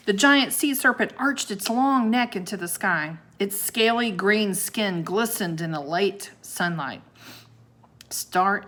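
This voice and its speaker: A woman reading a children's book aloud like a teacher, unhurried and expressive, with asides to her young listeners. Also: mid-range voice. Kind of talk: children's storybook read-aloud.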